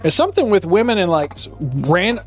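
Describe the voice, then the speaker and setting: Over faint background music, a home cook live-streams from his kitchen, rambling with sarcasm and animation in casual conversation. His high voice is sing-song and brisk, though the audio sounds dull.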